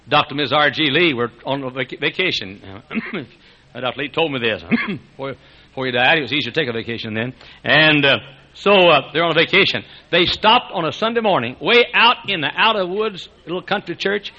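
Older man, preacher, lively swooping pitch, gravelly edge, bright, dull old tape. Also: moderate pace. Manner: folksy storytelling, chuckling, swings to loud exclamations. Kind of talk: sermon. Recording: dull lo-fi sermon recording.

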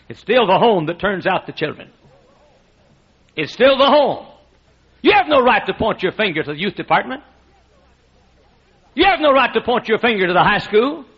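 A man's voice: high-pitched, breathy edge. A man preaching a sermon as pastor, emphatic and swinging between jokes and pleading. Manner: emphatic preaching with frequent laughter from the room. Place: church sanctuary. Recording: muffled lo-fi sermon recording.

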